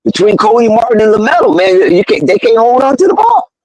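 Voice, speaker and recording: A man doing fan play-by-play of a basketball game, excitable, slangy and loudly outraged at the referees. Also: very high voice, brisk, no echo, poor audio. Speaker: live game commentator.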